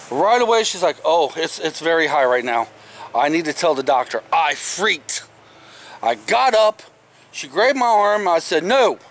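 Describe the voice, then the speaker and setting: Middle-aged male vlogger, emphatic and casual, a bit high-pitched, faint background hiss. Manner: animated, emphatic, swears casually. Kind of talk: casual storytelling to camera.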